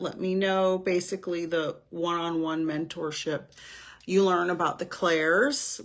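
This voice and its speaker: A woman, a psychic medium, chatting casually on a livestream, rambling with many pauses and fillers, with a slight headache from the heat. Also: sits low. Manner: slow, rambling, with many "um"s and greetings to viewers. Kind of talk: casual livestream chat with viewers. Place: indoors in Florida. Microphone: camera.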